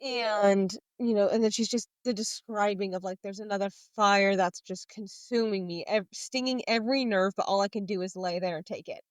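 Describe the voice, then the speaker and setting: A woman's voice: mid-range voice, moderate pace, hardly any pauses, dry recording. A woman co-hosting a casual book podcast, chatting and retelling scenes with quoted lines read aloud. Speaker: podcast co-host.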